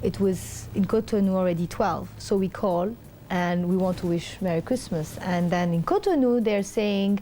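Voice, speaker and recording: A woman's voice: medium pitch, moderate pace, a little hiss or hum. A middle-aged woman, an interview guest, telling a personal story in a rambling way with many fillers, acting out the voices of the people in it. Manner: animated, acts out the voices of others.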